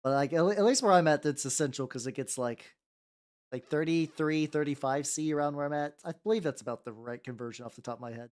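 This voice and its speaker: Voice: mid-range voice, quick pace, darkish tone. Rambling streamer greeting chat. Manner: rambling, greets chat by name, swears casually. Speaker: VTuber streamer painting miniatures. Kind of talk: casual livestream chat.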